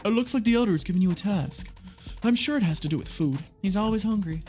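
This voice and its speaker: A woman's voice: medium pitch, expressive, fast, mellow, faint music behind, lightly acted. A woman voicing a friendly cat who gives hints in a video game.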